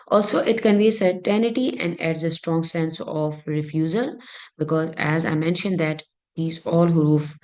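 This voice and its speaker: Low, mellow-voiced woman teaching grammar. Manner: hesitant, many fillers and restarts. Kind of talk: online grammar lesson.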